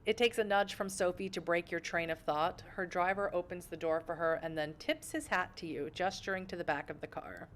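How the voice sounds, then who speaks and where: An American woman streams a game from home, reading a visual novel aloud and breaking off for playful, self-mocking asides. Her lowish voice is fairly quick with fairly even intonation and hardly any pauses, over slight background noise.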